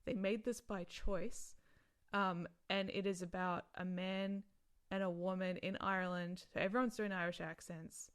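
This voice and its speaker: A woman's voice: fairly low pitch, steady tone, a little slow, smooth. A woman in casual podcast chat about a film, rambling with many restarts and asides.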